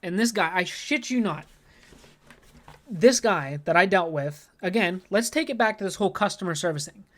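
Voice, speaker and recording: A man's voice: high-pitched, lively intonation, moderate pace. A man co-hosting a podcast, telling an anxious story in a rambling, profane way and saying "like" constantly. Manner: rambling, profane, heavy use of "like"; anxious, worked-up retelling. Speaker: podcast co-host. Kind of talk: casual storytelling.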